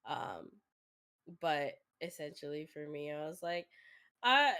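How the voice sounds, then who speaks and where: A woman chatting casually while drawing on a stream, speaking softly because she is sick, with an occasional cough and frequent giggles. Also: deep voice, expressive, a little slow, clean tone. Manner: soft-spoken, giggly. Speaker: guest streamer.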